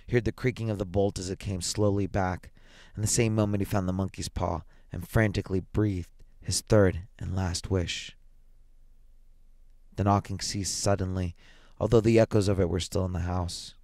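A man with a low voice narrates a classic horror short story, measured and dramatic. He reads with deliberate pauses that build the tension. The sound is dry and close. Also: fairly even intonation, a little mellow, dry recording.

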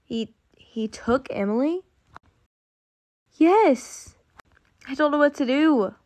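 High-voiced young woman, unhurried. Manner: dramatic teen dialogue, excitable. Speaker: voice-over storyteller. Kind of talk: acted cartoon story voicing all roles.

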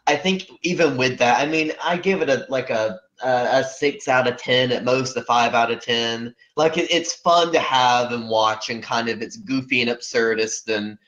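A man co-hosting a podcast talks in a loose, rambling way, circling back and hedging his points. His voice sits at an ordinary pitch, and the recording is a bit dull and lo-fi. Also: normal speed, few pauses, a bit bright. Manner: rambling, with many fillers and hedges. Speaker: podcast co-host. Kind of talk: casual podcast discussion. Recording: muffled lo-fi podcast audio.

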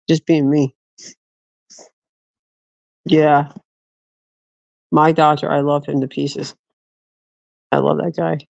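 A vlogger with a gravelly, rather high-pitched male voice tells personal stories casually and in a rambling way, with restarts and laughter. The recording is dull, lo-fi, and dry, with no echo.

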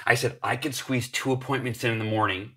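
Guy in his 40s, bright punchy voice, telling a story and doing all the voices. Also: mid-range voice, fairly quick. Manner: acts out voices in his stories, energetic. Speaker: podcast guest. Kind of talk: animated storytelling.

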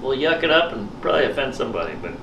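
A male stand-up comedian chatting casually to the camera backstage and in a hotel room, rambling and joking and quick to get excited. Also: mid-range voice, creaky, highs cut off, noisy background.

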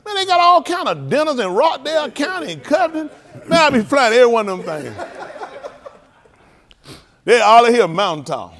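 A middle-aged male pastor preaching loudly in a joking, colloquial way, laughing often and drawing responses from the congregation. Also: very high-pitched, very animated, a little fast. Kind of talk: animated sermon with joking asides.

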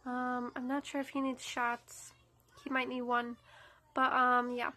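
Stuffy-nosed young mom rambling at home, high voice, pretty flat, slow. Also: female voice. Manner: chatty, rambling. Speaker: mom vlogger. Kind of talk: casual home vlog. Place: at home indoors.

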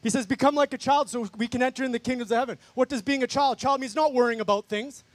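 A man's voice: very high voice, quick pace, no echo. A man giving a fervent, emphatic preaching testimony to a worship crowd, often calling them "guys". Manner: emphatic, repetitive, keeps addressing the crowd as "guys". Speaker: guest speaker giving testimony. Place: outdoor worship gathering in a park.

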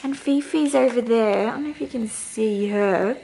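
A young Australian woman vlogging casually to a handheld camera, gushing and excitable, laughing often. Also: a little high, moderate pace, creaky, slight background noise. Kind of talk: casual vlog chat to camera. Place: car, then home.

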